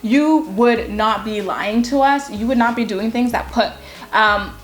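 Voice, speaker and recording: A young woman casually recapping a reality show, candid and gossipy, with lots of filler words. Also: a little high.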